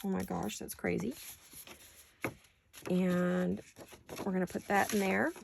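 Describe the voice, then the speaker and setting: Casting note: rambling woman crafter, gravelly tone, hiccupy, noisy home studio with clicks. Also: on the low side, level tone, slow pace. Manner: chatty, rambling, self-correcting. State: has the hiccups. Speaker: crafting channel host. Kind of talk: casual crafting tutorial chat.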